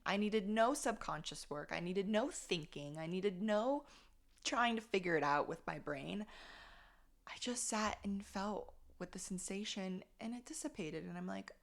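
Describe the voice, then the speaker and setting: A woman's voice: on the low side, gravelly. Candid, swearing woman podcast host. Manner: candid, swears freely, animated storytelling. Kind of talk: casual solo reflection.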